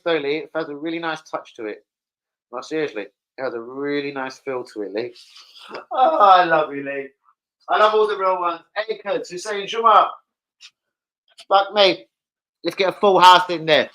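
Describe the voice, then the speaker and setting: A young man hosting a casual football live stream, excitable, swearing and calling out viewers by name. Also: a little high, moderate pace. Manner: excitable, swears, calls out chat names.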